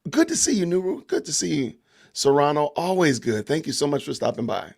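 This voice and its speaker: Gravelly-voiced man hosting a live stream. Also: fairly high pitch, very animated, brisk. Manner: reads out and greets live chat viewers; emphatic, repeats himself for stress. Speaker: podcast host. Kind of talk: live-stream commentary and chat.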